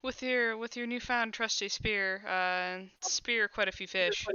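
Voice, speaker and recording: A woman's voice: mid-range voice, a little slow, bright, forceful tone, clean tone, dry recording. A woman acting as game master, describing scenes and making rulings with frequent hesitations. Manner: hesitant fillers while narrating. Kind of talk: narrating a tabletop game. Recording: dull lo-fi mic.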